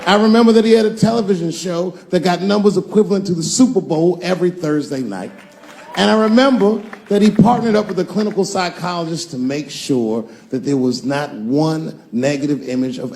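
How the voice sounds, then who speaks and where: A male comedian performing a stand-up routine, spinning profane stories in a fairly high voice. A faint background hum sits under the live recording. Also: lively intonation, brisk, gravelly, a little mellow. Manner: profane, storytelling delivery with acted-out voices.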